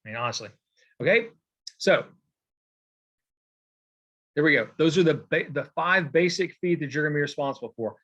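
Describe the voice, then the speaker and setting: A man's voice: on the high side, lively intonation, normal speed, pauses often, a bit bright. Casual male teacher checking in with "okay?". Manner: writes on a board while explaining. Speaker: poetry teacher. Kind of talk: recorded lecture.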